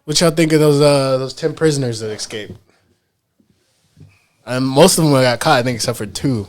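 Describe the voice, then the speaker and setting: Man, podcast co-host, casual storytelling, heavy slang, lots of fillers, animated. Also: medium pitch, normal speed. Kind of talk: casual chat.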